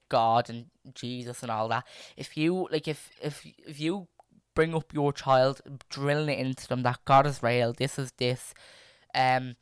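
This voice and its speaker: A man's voice: mid-range voice, clear, resonant tone, no room sound, clean studio sound. A young man, chatting casually and reading stories aloud as a podcast host, rambling with many fillers and restarts.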